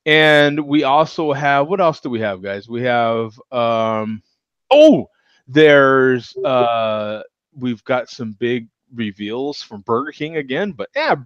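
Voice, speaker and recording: A man's voice: mid-range voice, a bit bright, dry recording, lo-fi sound. A man hosting a casual beer chat show, talking loosely and chuckling as he rambles. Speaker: host.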